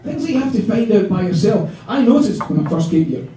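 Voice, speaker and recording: A Scottish man doing a stand-up comedy set, animated and mock-indignant, with swearing. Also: high voice, brisk, slight background noise. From Scotland. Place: comedy club stage. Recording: echoey club, distant mic, audience laughter. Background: audience laughing.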